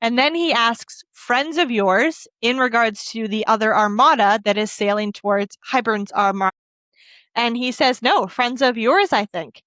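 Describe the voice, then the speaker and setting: Woman, book podcast co-host, casual recap, quoting characters, emotional, slightly high voice, dull dry lo-fi sound. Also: normal speed, fairly bright tone, no echo. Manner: emotional, laughs and chokes up while recounting. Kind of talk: casual book recap, retelling scenes with quoted dialogue.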